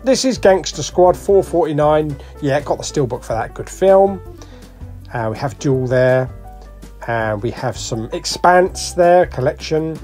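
Brit guy rattling off prices as he walks the shelves, lively up and down voice, bit high, faint music behind. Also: a little slow. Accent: British English. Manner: chatty, jokey, lively, ticks off titles and prices. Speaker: vlogger. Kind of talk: casual shop walk-through commentary.

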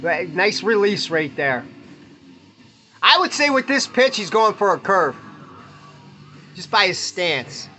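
High, bright-voiced man ranting profanely. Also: sing-song, slow pace, long pauses. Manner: profane and blunt, chuckles often. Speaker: podcast host. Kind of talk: casual rant while opening baseball cards.

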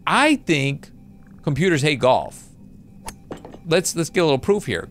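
Excitable young man, lively let's-play talk. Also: a little high, a little slow, long pauses, slight background noise. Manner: excitable, talks to viewers while playing. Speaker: gaming YouTuber.

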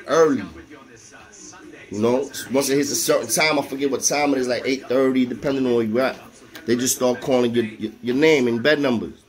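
A man with a New York accent telling a story from his time inside, casual and animated, laughing often, in heavy street slang. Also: medium pitch. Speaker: storyteller recalling prison life.

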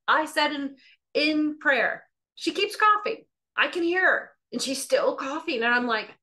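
A woman's voice: sits high, unhurried. A middle-aged woman teaching and sharing a personal testimony, telling it conversationally and acting out the dialogue. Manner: lively storyteller acting out dialogue; conversational, with fillers and restarts. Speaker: Christian teacher.

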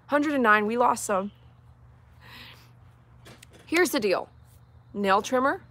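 A woman's voice: fairly high pitch, animated, slow, fairly bright tone. A woman dog groomer talking outdoors on a live-streamed grooming demonstration, chatty, coaxing and reassuring.

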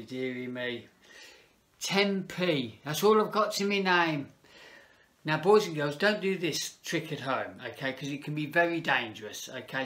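A man's voice: a little high, a bit bright. A man, working as a children's entertainer, chatting playfully to kids and a puppet. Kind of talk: children's party entertainer talk.

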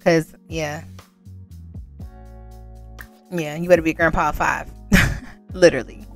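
A woman's voice: deep voice, flat delivery, unhurried, faint music behind. A woman giving casual let's-play commentary in a chatty way, laughing often and talking straight to her viewers. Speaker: gaming channel host.

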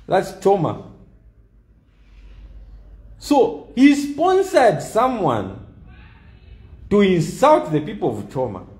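A man's voice: fairly high pitch, mellow, echoey room. A man giving an opinion monologue, emphatic and repeating key lines for stress. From Zambia. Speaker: political commentator.

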